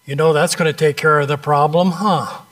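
A man preaching a sermon, telling an illustrative story with dramatic pauses and a conversational, direct manner. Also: on the high side, fairly even intonation, a bit bright.

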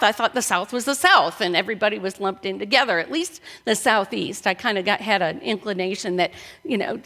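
A woman's voice: mid-range voice, sharp tone. Woman preaching in a reverberant hall. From northern United States. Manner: conversational preaching with rhetorical questions. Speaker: pastor. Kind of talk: sermon. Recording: long reverb of a large room.

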